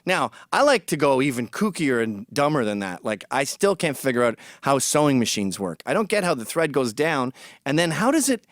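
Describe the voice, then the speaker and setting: A man's voice: mid-range voice, big pitch swings, moderate pace, dry recording. British guy ranting at camera, voice jumps all over, dry close sound. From Britain. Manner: blunt, mocking, swings between loud jabs and muttered asides. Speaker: commentator. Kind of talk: opinionated monologue to camera.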